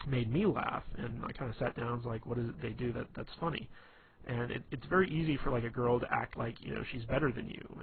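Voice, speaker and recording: A man explains things in a loose, rambling way, leaning on "you know" and "like" as he goes. His voice is gravelly with some fry. The recording is thin and phone-like with a faint hiss. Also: medium pitch. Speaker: presenter. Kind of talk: casual explanatory talk.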